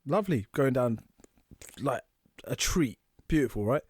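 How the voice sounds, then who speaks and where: This man co-hosts a podcast, and his husky, mid-range voice races through lively drinking anecdotes, voicing the quotes himself. It's clean studio audio without echo.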